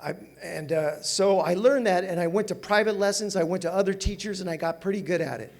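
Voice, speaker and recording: An older man from Southern California gives a personal storytelling talk at a recovery meeting, animated and self-mocking, and laughs often. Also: sits high, fairly quick, creaky. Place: meeting hall with audience.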